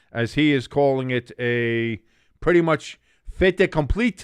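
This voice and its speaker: A man's voice: medium pitch, smooth, dry recording, studio quality. A man hosting a casual sports watch-along, mixing play-by-play calls with rambling jokes and chat comments he reads aloud.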